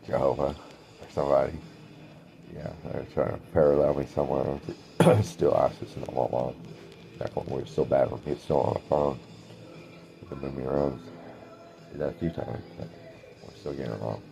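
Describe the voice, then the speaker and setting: A man talking in a meandering spiritual monologue, trailing off with many pauses, as a self-described clairvoyant. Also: rumbling low, steady tone, vocal fry, warm tone, soft background music.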